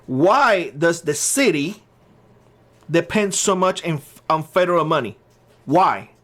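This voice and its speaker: A man's voice: fairly high pitch, expressive, slow, a bit bright. A man hosting his own channel, giving blunt opinion commentary and hammering his points by repeating short phrases. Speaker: channel host.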